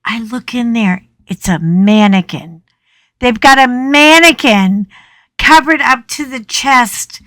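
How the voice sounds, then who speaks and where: A woman's voice: on the high side, takes it slowly, fairly bright tone, no echo, clean studio sound. A middle-aged woman hosting a casual chat, telling a story dramatically with yelps and swearing. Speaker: coloring channel host.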